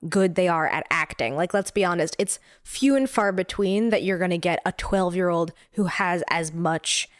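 A woman co-hosting a podcast in casual chat, talking quickly with lots of fillers and restarts. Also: on the low side, dry recording, clean studio sound. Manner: animated, talks fast with many fillers and restarts. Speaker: podcast co-host.

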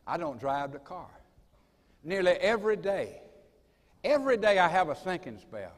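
A man leads a school assembly in a folksy, dramatic manner. His voice sits a little high and moves up and down a lot. The long reverb of a large hall trails after every phrase. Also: sing-song, normal speed. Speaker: college president. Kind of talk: assembly speech with personal storytelling.

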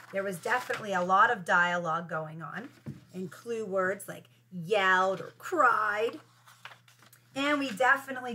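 A woman's voice: a little high, sharp tone. A woman first grade teacher reading a picture book aloud to children, patiently explaining how to read it with expression.

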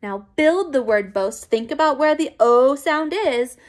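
A woman teacher giving a recorded phonics lesson to young children, encouraging and clear. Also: high-pitched, expressive. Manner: slow, clear, encouraging classroom pacing.

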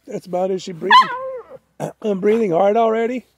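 A man's voice: high-pitched, moderate pace, a little mellow. A man raising a pig, chatting casually and coaxing the animals in an outdoor farm pen. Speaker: pig raiser. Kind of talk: casual chat while handling animals.

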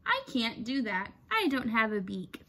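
A woman's voice: on the high side, sing-song, a little slow, pushed and bright, heavily acted. A woman voicing a curious, stubborn young girl tortoise in a read-aloud storybook, pleading to stay awake. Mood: insistent. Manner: pleading, insistent.

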